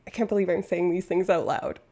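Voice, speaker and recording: A woman's voice: fairly low pitch, fairly quick, dark tone. Young woman, streamer, rambling, self-interrupting, casual chat with viewers. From Canada.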